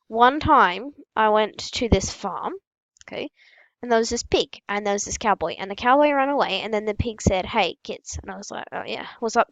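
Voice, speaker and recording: A female gaming host telling absurd, made-up stories in a casual, matter-of-fact, deadpan way while opening packs. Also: mid-range voice, dry recording, lo-fi sound.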